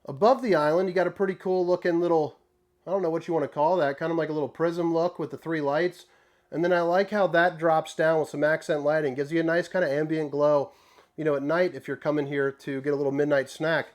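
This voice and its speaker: A man hosting a casual walkthrough tour inside an RV, talking in a folksy, joking way with relaxed slang. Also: a little high, a little fast. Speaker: RV tour host.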